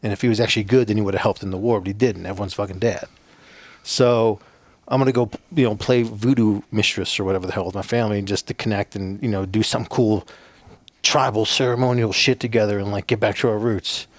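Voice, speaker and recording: A man with a lowish, steady voice talks fast as a podcast guest, recounting casual stories in a meandering way with lots of fillers and swearing. He is a former soldier from a Navajo reservation in the United States, and the audio has no echo.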